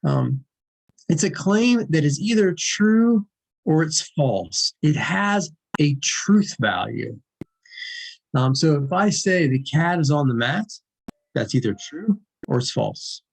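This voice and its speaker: A man with a slightly high voice delivers a recorded logic lecture. He talks in a loose, conversational way, restarting phrases and hammering home his points. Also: slow pace, creaky, rough recording. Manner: conversational, lively, repeats for emphasis. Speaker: philosophy lecturer.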